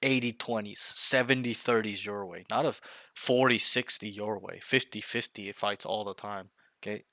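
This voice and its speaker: A man coaching a player one on one, blunt and intense, pressing his points and swearing now and then. His voice sits a little low but has a bright, forceful edge. The sound is dry and close, with no room around it. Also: fairly even intonation, normal speed, dry recording. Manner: repeats himself, checks in with okay and right. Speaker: game coach.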